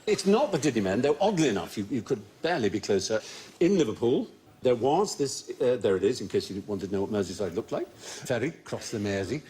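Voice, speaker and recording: A man's voice: medium pitch, sing-song, a little fast, warm tone. A man hosting a comedy quiz show, telling stories with wry, learned asides. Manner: wry, erudite storytelling with asides. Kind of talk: comic panel show banter.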